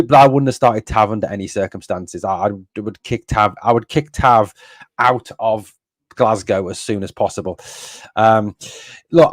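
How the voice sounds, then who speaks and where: A man's voice: mid-range voice, no room sound. A man from northeast England hosting a fan stream, blunt and exasperated, swearing and repeating himself as he rants and reads out viewer comments. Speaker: fan channel host. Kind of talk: live stream fan rant.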